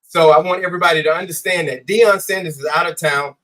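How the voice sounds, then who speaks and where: A man, a former high school baseball coach, telling a story in a casual interview, acting out the dialogue and swearing freely. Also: fairly even intonation, quick pace, a bit bright, poor audio.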